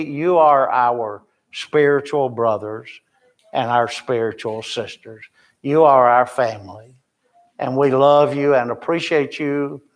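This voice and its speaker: An older man, a missionary, giving an informal and rambling report to a church Bible class with folksy, self-deprecating humor. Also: medium pitch.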